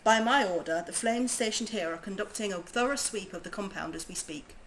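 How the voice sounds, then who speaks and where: A woman's voice: medium pitch, brisk, a bit bright, a little hiss or hum, close to an everyday voice, rough recording. A woman voicing a grave veteran army commander from a game, reading the lines in a formal, earnest way. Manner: formal, earnest read-aloud.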